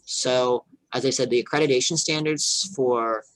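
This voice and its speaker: A man, a childcare director, giving an earnest, explanatory online workshop over a video call and pausing to check for questions. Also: medium pitch, steady tone, fairly bright tone, no echo, rough recording.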